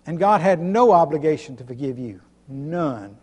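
A pastor preaching an emphatic sermon, repeating himself and chuckling between points. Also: male voice, a little high, animated, normal speed, darkish tone, husky. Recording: long hall reverb.

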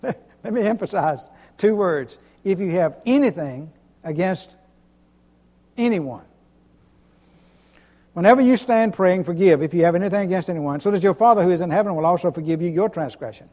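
A pastor preaching an emphatic sermon, repeating himself and chuckling between points. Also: male voice, sits high, quick pace, a little mellow. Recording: long hall reverb.

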